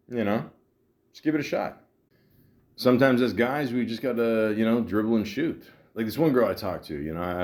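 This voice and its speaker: A man's voice: lowish voice, darkish tone. A man in his forties hosting a podcast, rambling through a casual, profane monologue with lots of fillers and self-deprecating asides. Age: 40s. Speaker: podcast host.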